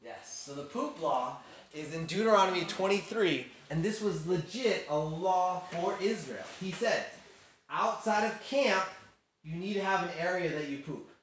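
A man giving a casual, animated Bible lesson to a youth group, acting out quotes and laughing as he goes. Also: high-pitched, normal speed. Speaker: youth teacher. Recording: very echoey room, faint hiss.

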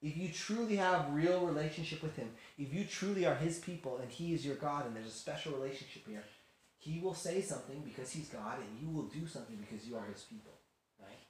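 A man's voice: fairly high pitch, brisk. Chatty man teaching youth, echoey room. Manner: chatty, animated, acts out quotes with laughs. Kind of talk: youth Bible lesson. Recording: very echoey room, faint hiss.

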